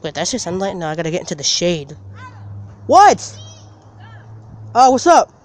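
A man casually telling a story for his vlog outdoors, animated and laughing, swearing now and then. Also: sits high, fast talker. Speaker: vlogger. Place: outdoors, walking in the open. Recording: outdoor noise from traffic.

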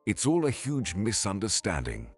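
A man voicing an irritable elderly writer with a gruff, curt manner in a story reading. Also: on the low side, wildly swooping pitch, moderate pace, soft background music, heavily acted.

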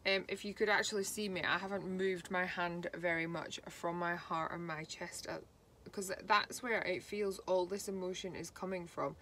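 A woman giving a slow, halting spiritual card reading, voicing feelings with emotion. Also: lowish voice, fairly even intonation, a bit bright, a little hiss or hum. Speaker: tarot reader.

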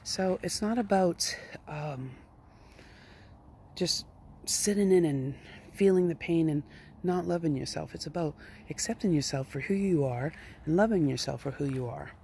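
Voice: mid-range voice, moderate pace, gravelly, a little mellow, a little hiss or hum. A self-help vlogger speaking outdoors at a rural home, giving an earnest, playful, coaxing motivational talk.

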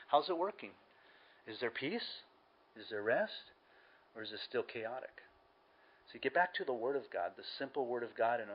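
A man's voice: mid-range voice, slightly rough, muffled recording. A man preaching a sermon as pastor, earnest and emphatic, repeating key words for stress.

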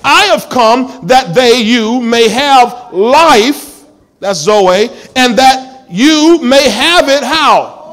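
A man's voice: very high-pitched, lively intonation, extremely slow, a bit bright. A male pastor preaching a sermon in a church, emphatic and full of call-and-response questions to the congregation.

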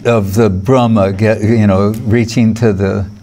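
A man's voice: on the low side, steady tone, a little slow, warm tone, slight background noise. A man giving a lecture on scripture as a spiritual teacher, digressive, chuckling now and then and quoting Sanskrit verses.

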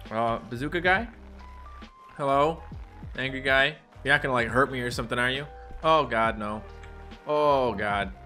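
A young man giving jokey let's play commentary on a video game, now and then leaping into squeaky put-on voices. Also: moderate pace, long pauses, sharp tone, faint music behind. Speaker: gaming YouTuber.

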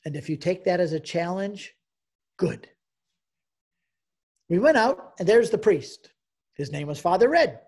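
A man's voice: high voice, expressive, measured pace, pauses often, a little mellow, husky. A man in his sixties giving an emotional personal testimony as a guest speaker, telling his story and acting out the dialogue.

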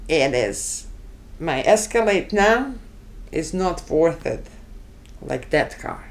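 A woman from Bosnia with a Bosnian accent, speaking broken English as she recounts her past in an oral history interview, telling it in a lively way. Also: low voice. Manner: broken English, lively storytelling that acts out dialogue.

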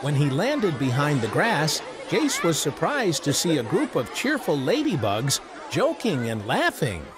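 A man narrating an animated children's read-aloud, expressive and unhurried. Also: a little high, crowd noise, background noise. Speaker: storyteller.

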